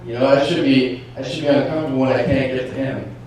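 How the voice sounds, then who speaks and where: A man preaching a personal testimony, playing out both sides of an inner argument. His voice drops to a murmur and then climbs to a shout. It is heard from far off in a very echoey church hall, with a faint hum underneath. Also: medium pitch, steady tone, fast. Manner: storytelling, acts out inner dialogue, swings from hushed to shouting. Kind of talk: sermon testimony.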